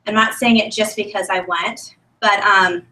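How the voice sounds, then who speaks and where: A woman giving an enthusiastic, emotional testimony speech at a sales meeting, chatty and animated. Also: mid-range voice, moderate pace, a little hiss or hum. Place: meeting room, on a stage. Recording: echoey room from a distant mic.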